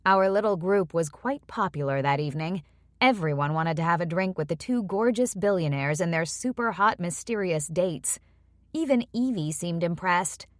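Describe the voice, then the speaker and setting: A woman narrating a first-person romance audiobook with an even storytelling delivery. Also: lowish voice, normal speed, dry recording, studio quality.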